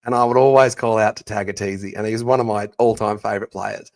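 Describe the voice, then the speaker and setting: A man hosting a casual sports watch-along, chatting and reading out viewer comments in a loud, booming voice. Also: steady tone, fast talker, creaky. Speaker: podcast host.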